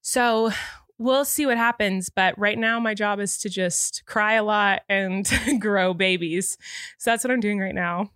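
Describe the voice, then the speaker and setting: Smooth and a bit bright, this woman's mid-range voice keeps a measured pace as she hosts a podcast in her thirties. She rambles earnestly in casual chat, teary and emotional, often restarting her sentences. Recorded in an indoor podcast studio, the audio is studio quality without echo.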